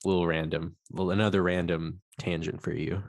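A man's voice: sits low, flat delivery, normal speed, no room sound. A man co-hosting a podcast, chatting loosely about a film, rambling and swearing as he acts out quotes. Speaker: podcast co-host. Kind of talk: casual film discussion.

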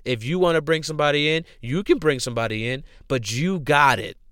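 Young male podcast host, smooth voice, slangy, profane, repetitive motivational rant. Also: on the high side, a little fast, a bit bright, no echo, studio quality. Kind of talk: casual motivational talk.

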